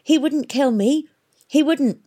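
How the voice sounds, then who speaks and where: A woman's voice: medium pitch, normal speed, warm tone, voice pushed up, close to an everyday voice. A woman voicing a fierce young woman fugitive in an audiobook, with a thin, brittle, tense manner. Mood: breathless. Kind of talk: audiobook reading.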